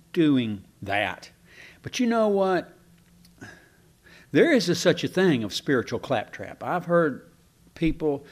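A pastor with a mid-range voice delivers a conversational, folksy sermon, chatting with the congregation, asking them questions, and restarting his sentences.

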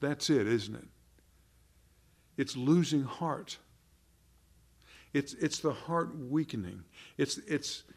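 A man preaching a sermon, earnest, firing rhetorical questions and often repeating words, rising in pitch and volume for emphasis.

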